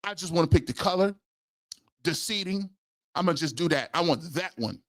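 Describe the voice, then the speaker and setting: A man's voice: on the high side, animated, normal speed, a bit bright, no room sound, clean studio sound. A man in his forties hosting a live sports talk stream, telling comic stories and acting out the voices of the people in them. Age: 40s. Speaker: sports talk show host.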